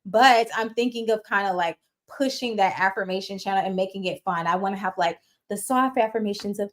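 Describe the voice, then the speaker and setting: A woman's voice: mid-range voice, quick pace. A woman chatting casually on her livestream, slangy and full of fillers, talking straight to her viewers. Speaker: YouTuber hosting a livestream.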